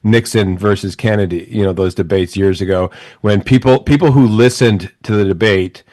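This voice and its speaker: A man co-hosting a casual political talk, measured and a little hesitant, often restarting his sentences. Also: on the low side, darkish tone, dry recording.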